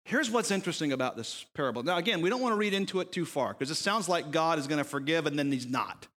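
With a slightly high voice and a quick pace, a pastor preaches a sermon and tells a parable. He animatedly performs the characters' quotes and asks rhetorical questions, all heard through the long reverb of a hall.

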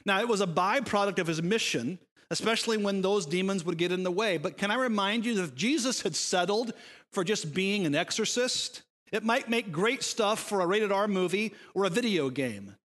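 A man's voice: sits high, expressive, normal speed, fairly bright tone, in a large hall. A male pastor preaching a sermon, emphatic and full of rhetorical questions.

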